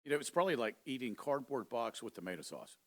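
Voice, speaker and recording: A man hosting a casual interview, relaxed and responsive. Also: mid-range voice, fast. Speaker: host.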